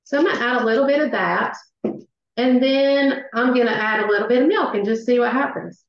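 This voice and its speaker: A middle-aged woman with a Southern US accent hosting a live cooking class, chatty and excitable, with many fillers. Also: a little high, brisk. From Southern United States. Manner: chatty and excitable, many ums, says y'all. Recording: echoey room, dull lo-fi sound.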